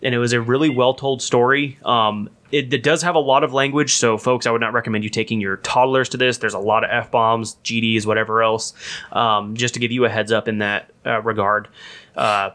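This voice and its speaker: A man hosting a casual podcast, talking loosely with lots of restarts and stray laughs. His voice is bright and forward. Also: medium pitch, fairly even intonation, fairly quick. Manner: rambling, laughs often, many restarts. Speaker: podcast co-host.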